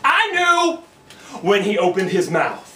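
A man's voice: high-pitched, huge pitch swings, slow, sharp tone, reverberant, recorded from a distance, slight background noise. A man with an American accent performing slam poetry on a bar lounge stage, rhythmic, emphatic and profane. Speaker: performance poet.

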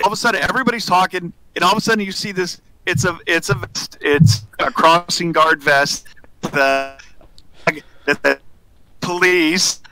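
A man's voice: sits high, fairly even intonation, normal speed, sharp tone. A man in casual chat before a tabletop game, telling stories and laughing between bits. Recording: noisy video call line.

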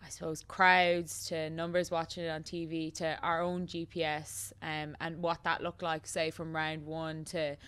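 Irish woman co-hosting, laid back chat, lowish smooth voice. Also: level tone, unhurried, hardly any pauses, fairly bright tone. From Ireland. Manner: easygoing, reflective, laughs often. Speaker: co-host, footballer. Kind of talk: casual chat.

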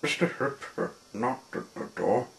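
A man reading a children's picture book aloud, halting often with repeated words and fillers. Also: medium pitch, creaky, fairly bright tone. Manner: halting, with many restarts and fillers. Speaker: storyteller.

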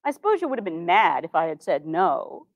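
A woman voicing a kindly, wry older 1860s president in a slow, gentle, teasing way. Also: on the low side, big pitch swings, no echo, pitched below the performer's own voice.

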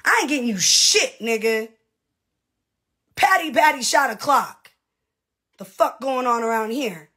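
A woman's voice: on the high side, animated, a little slow, long pauses, bright, forceful tone. A woman, a reality TV personality, in a casual livestream rant to her fans, brash and profane with mocking asides.

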